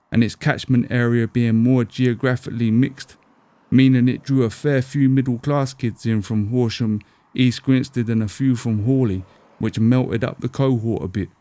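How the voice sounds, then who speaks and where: A middle-aged man, telling a scripted story in a wry, deadpan, conversational way. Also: medium pitch, moderate pace, no echo. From England. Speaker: storyteller and podcast host.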